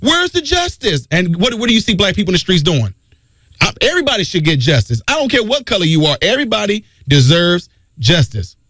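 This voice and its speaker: A man's voice: sits high, very animated, quick pace, fairly bright tone, no room sound, studio quality. A man hosting a talk radio show, delivering an emphatic, preachy monologue and repeating his key phrases.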